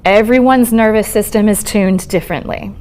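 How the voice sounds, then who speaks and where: Medium-pitched and darkish in tone, a woman therapist speaks at a moderate pace to an audience in a lecture room at a college event. Her talk on trauma and resilience is conversational and reassuring, full of "um" and frequent "okay?" check-ins.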